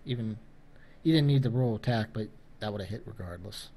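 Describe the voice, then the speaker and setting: A man acting as dungeon master, calmly walking players through their dice rolls in a tabletop game. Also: fairly low pitch, a little fast, gravelly. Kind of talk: running a tabletop game over voice chat.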